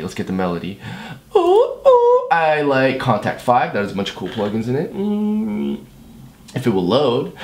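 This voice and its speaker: A man making a beat against the clock in a comedic vlog, talking himself through it with loud, profane chatter and mock-dad jokes. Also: lowish voice. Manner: hyper, profane self-talk while working; jokey mock-dad banter. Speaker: music producer. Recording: echoey room with steady noise.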